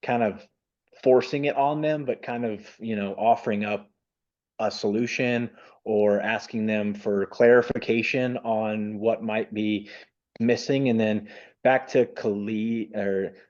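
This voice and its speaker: A man's voice: on the low side, fairly even intonation, unhurried, darkish tone, lo-fi sound. A man who stutters, speaking as a webinar panelist in a casual panel discussion over a video call. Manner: stutters, with repeated sounds and restarts.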